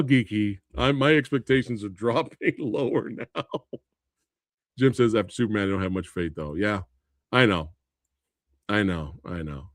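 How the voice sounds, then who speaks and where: A man's voice: mid-range voice, dry recording, clean studio sound. A man hosting a live movie review stream, ranting in disbelief, laughing often, swearing and answering viewer comments. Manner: animated, incredulous ranting with frequent laughs and swearing.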